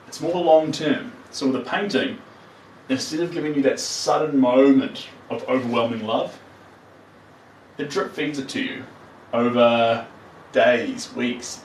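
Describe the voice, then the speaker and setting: A man's voice: mid-range voice, roomy sound, far from the mic, slight background noise, poor audio. A man with a New Zealand accent chatting playfully with viewers as he paints on a live stream. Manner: chatty, playful, talks to viewers while working.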